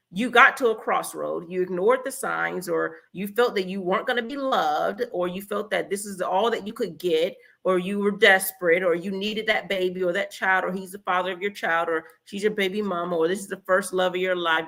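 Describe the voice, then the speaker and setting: A woman's voice: mid-range voice, creaky, a bit bright. A woman hosting a relationship advice talk, blunt and emphatic, acting out little example conversations. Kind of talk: direct-to-camera advice talk.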